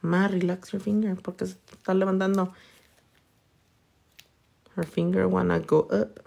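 A woman with a Californian accent and a slightly low voice talks her viewers through her work. She is playful and loose, swearing often and slipping in Spanish words. She chats casually while she works. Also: level tone, normal speed, creaky, mellow. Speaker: nail technician. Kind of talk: casual chat while working, reading comments.

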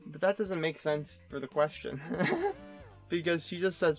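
A man's voice: fairly high pitch, measured pace, soft background music. A man giving sarcastic, rambling comedic commentary on a webcomic, breaking into silly voices. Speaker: webcomic reviewer.

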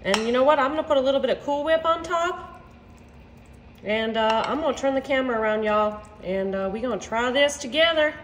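A woman's voice: high voice, brisk, slight background noise. A woman hosting a casual home cooking vlog, chatty and folksy with lots of fillers. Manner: folksy, says "y'all" often, chatty with many fillers. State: tearful, close to crying. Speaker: cooking vlogger. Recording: echoey room with long reverb.

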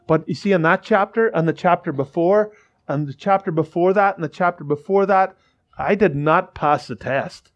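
High-voiced fervent male preacher. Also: normal speed, highs cut off. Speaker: pastor. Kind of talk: sermon. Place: church.

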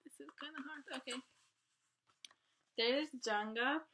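A woman vlogging an album unboxing, gasping and gushing with excitement as she talks her way through it. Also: high voice, unhurried. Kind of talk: casual unboxing chat.

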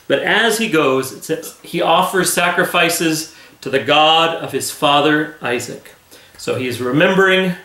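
A man's voice: on the high side, pushed and bright, reverberant. A man who is a pastor, giving a conversational, earnest Bible reading talk with many fillers. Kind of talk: Bible study devotional talk.

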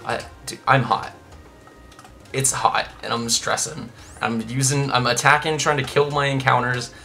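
A man's voice: mid-range voice, normal speed, bright, forceful tone, faint music behind. A young man hosting a casual Let's Play, chatting and rambling with lots of restarts and side comments.

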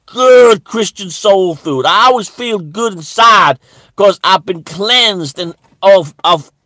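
A man's voice: high-pitched, lively intonation, slow pace, sharp tone, dry recording, exaggerated voice. A man playing a rambling, bigoted churchgoing man in a satirical monologue, stammering and restarting almost every phrase. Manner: stammering, with constant restarts and repeated words.

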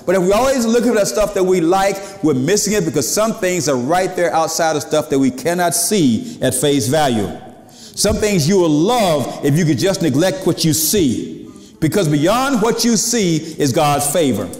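A man's voice: on the high side, animated, normal speed, darkish tone. A male pastor delivering a sermon, leading a recitation and then preaching with building emphasis. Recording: echoey hall reverb.

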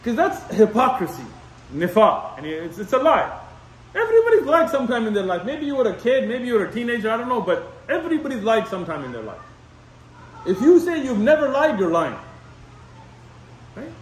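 High-voiced man preaching in an echoey hall. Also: wildly swooping pitch, a little fast, slight background noise. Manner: conversational, repetitive, sprinkles Arabic terms. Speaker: imam lecturer. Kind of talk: Islamic lecture. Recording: echoey room, mic at a distance.

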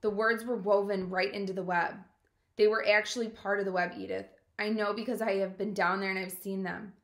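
A woman's voice: mid-range voice, level tone, fairly quick, a bit bright, natural voice. A woman reading aloud as a farmer, solemn and insistent, in a roomy-sounding recording. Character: flustered farmer Mr. Zuckerman, middle-aged man. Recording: roomy echo.

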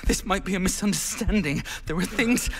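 A man's voice: high voice, a little fast, a bit bright, a little hiss or hum. A man voicing a confused young man with lost memories in a video game, speaking defensively and with exasperation.

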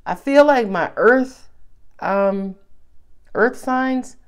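A woman giving a casual tarot reading in a lively, chatty, playful way. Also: fairly high pitch, very slow, smooth. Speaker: tarot reader.

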